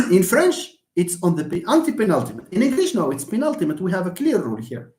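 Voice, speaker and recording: A man leads a live English pronunciation lesson, his voice rising and falling in animated swings as he patiently repeats example words. His tone sits a little higher than most men's. The sound carries the echo of a roomy space. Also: a little fast. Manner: explains patiently, repeats words, switches between English, French and Darija. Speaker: English teacher. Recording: echoey room.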